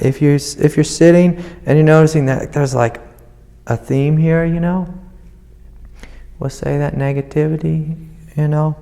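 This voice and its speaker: A man with a gravelly, mellow voice guides a student as a spiritual teacher. He speaks gently and soothingly, with a long reverb from the hall around him. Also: on the high side. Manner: gentle, soothing, calls the listener sweetie. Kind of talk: satsang guidance to a student.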